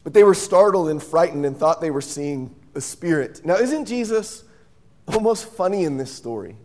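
A male pastor gives a sermon in a fairly high yet mellow voice. He tells the story as a lively storyteller, acting out its scenes and pausing to quiz his audience.

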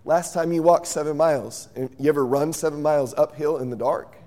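A man's voice: fairly high pitch, fairly quick. A man preaching a sermon, telling the story vividly, acting out the scenes and quizzing his listeners. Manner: lively storyteller, acts out scenes and quizzes the audience. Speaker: pastor.

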